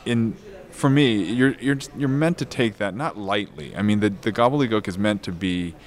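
A man being interviewed about his novel, answering thoughtfully with lots of pauses, restarts and fillers. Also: fairly low pitch. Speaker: novelist guest.

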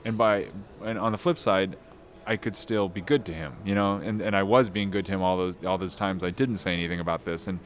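A man with a somewhat low voice talks through an answer about his own novel. He feels his way forward, trailing off, restarting and filling gaps with ums as he goes. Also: fairly even intonation. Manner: thoughtful, halting, many restarts and fillers. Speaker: novelist guest. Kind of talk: casual interview answers.

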